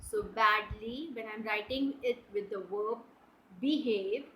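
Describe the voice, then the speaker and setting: A woman teaching an English grammar lesson to children, explaining step by step and checking "right?" and "clear?". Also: a little high, a little slow, fairly bright tone, a little hiss or hum, rough recording.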